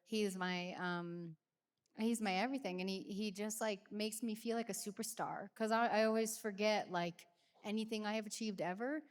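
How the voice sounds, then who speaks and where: A woman's voice: medium pitch, steady tone, normal speed, big-room sound. A woman in her thirties, a singer, chatting casually and rambling animatedly with many fillers. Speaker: singer answering fan questions. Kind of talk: casual Q&A chat. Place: backstage at a concert venue.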